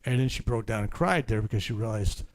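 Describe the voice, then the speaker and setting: An older reverend leading a healing service, rambling through anecdotes with stumbling restarts and dropping to a hushed murmur for healing prompts. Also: male voice, on the low side, expressive, quick pace, poor audio. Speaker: faith healer reverend.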